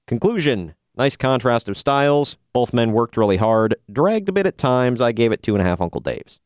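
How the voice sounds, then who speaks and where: A man talks through a casual podcast recap, tossing in sarcastic jokes. His voice is smooth and resonant, and the sound is dry and close. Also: mid-range voice, lively intonation, moderate pace, no room sound. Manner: casual, jokey, sarcastic asides. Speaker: podcast host reviewing wrestling. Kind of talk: casual review chat.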